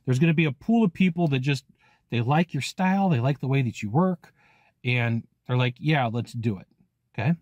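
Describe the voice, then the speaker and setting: A man hosting his own channel, giving an energetic sales-training talk straight to the viewer, punctuated by frequent "okay?" checks. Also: medium pitch, fairly quick, no echo, dull audio. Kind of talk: animated solo teaching talk to camera.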